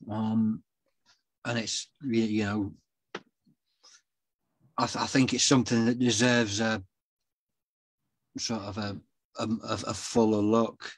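Hesitant low-voiced man host. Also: level tone, slow pace, long pauses, no room sound. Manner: hesitant, many ums and restarts. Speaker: podcast host. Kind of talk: casual live-stream interview.

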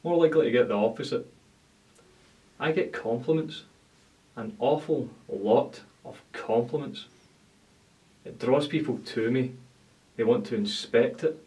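A man's voice: medium pitch, a little slow, long pauses, darkish tone, recorded from a distance, low-quality recording. Dreamy man set back from the mic. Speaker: bearded interviewee. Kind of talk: documentary interview.

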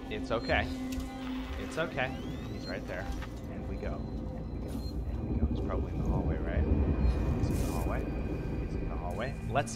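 A man streaming a horror game, narrating nervously, cursing, hushing himself and chatting with viewers. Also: on the low side. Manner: jittery, swearing, shushing the screen, nervous laughs. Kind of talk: live gameplay commentary.

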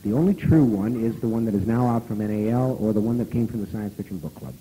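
A man telling a story at a live convention talk, animated and profane, who now and then breaks into loud shouting. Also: fairly low pitch, quick pace, slight background noise, rough recording. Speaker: guest of honor speaker.

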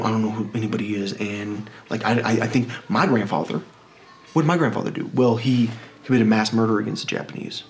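A man from Texas talking in a rambling monologue, full of restarts and fillers. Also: fairly low pitch. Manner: rambling, halting, with many restarts.

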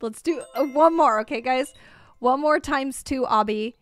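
A young American woman chatting excitedly while livestreaming a game, reading out chat and reacting with bubbly exclamations. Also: high voice, measured pace, faint music behind. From United States. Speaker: streamer. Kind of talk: live game commentary.

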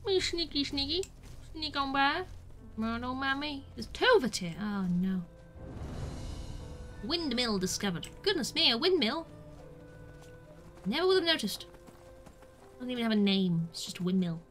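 A woman's voice: a little high, animated, moderate pace, long pauses, fairly bright tone, soft background music. A young woman from the UK chatting through a game as a streamer, joking at herself and squealing when she gets hit. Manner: chatty and self-mocking, with squeals when attacked. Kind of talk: casual gameplay commentary.

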